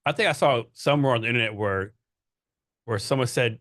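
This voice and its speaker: Fast-talking male podcast host. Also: mid-range voice, a bit bright, dry recording, studio quality. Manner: rambling, playful questions with filler words. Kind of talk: casual interview questions.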